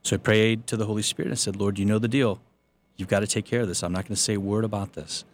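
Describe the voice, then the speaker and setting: A man with a fairly low voice tells his own conversion story as a Catholic priest. He speaks earnestly and pokes fun at himself along the way. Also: steady tone, quick pace, slight background noise. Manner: earnest storytelling with self-deprecating humor. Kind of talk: personal faith testimony.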